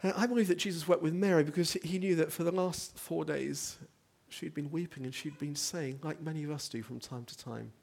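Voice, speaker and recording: A man's voice: fairly high pitch, steady tone, a little fast, creaky, hardly any pauses, a little mellow. A man preaching a sermon, earnest, building to emphatic rhetorical questions.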